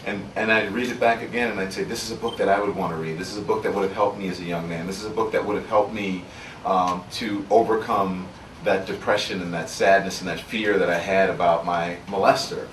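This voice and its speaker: Speaking fairly quickly in a low, steady voice, a man from Louisiana gives a candid talk at his book signing. The author recounts his story in an earnest, reflective manner. He's captured from far away in a roomy space, with faint ambience and a little hiss or hum.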